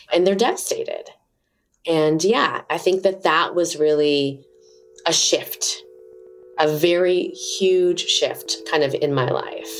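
Woman, middle-aged, deep for a woman, animated, candid storyteller, many fillers. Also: slow pace. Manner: animated, acts out quoted voices, many fillers. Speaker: interview guest.

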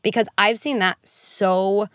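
Woman, guest psychologist, earnest and animated, quick asides, mid-range pitch. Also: no room sound, studio quality. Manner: frequent "like" and "right?" fillers. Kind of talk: podcast interview.

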